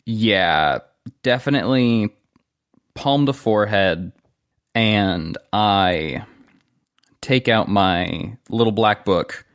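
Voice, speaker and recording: A man playing a tabletop game, describing his character's actions in a relaxed, thinking-aloud way. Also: lowish voice, takes it slowly, long pauses, clear, resonant tone, no echo, clean studio sound. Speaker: player.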